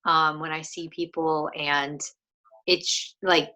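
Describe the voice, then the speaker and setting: A young woman with a low, bright voice, reflecting on a book in a relaxed chat over a video call. She speaks slowly and thoughtfully, often pausing and restarting her sentences. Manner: thoughtful, many fillers and restarts. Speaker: co-host of a book discussion.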